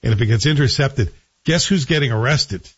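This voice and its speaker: A chatty male radio host bantering through the morning show with a lively, swinging pitch. His voice has a husky edge and sounds dry and close on the mic, though the broadcast audio is a little muffled. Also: dry recording. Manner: chatty, teasing, quick jokes. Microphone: studio microphone.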